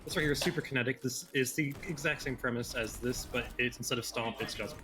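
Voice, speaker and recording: Male speedrun commentator, casual, dry sarcastic humor, stumbles and restarts a lot, mid pitch. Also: fast talker. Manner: joking, dry sarcasm, stumbles over words.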